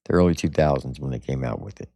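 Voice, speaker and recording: A man with an extremely deep voice, full of gravelly fry, hosts a reaction video. He talks bluntly and mockingly, pushing back and arguing. The sound is dry and close. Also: fast, dark tone, dry recording. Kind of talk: casual commentary.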